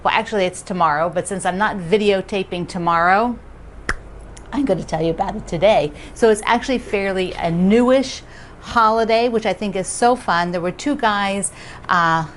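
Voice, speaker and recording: A woman's voice: mid-range voice, slight background noise. A woman who hosts a quilting vlog and teaches quilting, chatting casually and cheerfully to the camera from her home, often laughing. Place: home living room.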